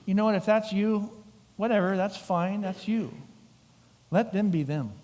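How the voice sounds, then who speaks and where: A man's voice: sits high, measured pace. A middle-aged man preaching a sermon as pastor, telling the story vividly and acting out voices. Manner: animated storytelling with acted-out voices. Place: church sanctuary. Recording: long hall reverb.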